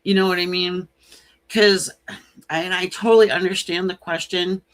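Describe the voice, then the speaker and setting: A woman's voice: on the low side, steady tone, normal speed. A woman giving a live-streamed tarot reading, chatty and frank, often laughing between points. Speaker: tarot reader. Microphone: computer mic on a live stream.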